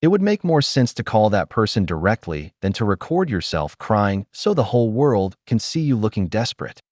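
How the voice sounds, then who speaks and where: A man's voice: lowish voice, very animated, normal speed, a little mellow, no echo, studio quality. A man hosting a commentary video, blunt and opinionated in his reactions. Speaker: commentary host.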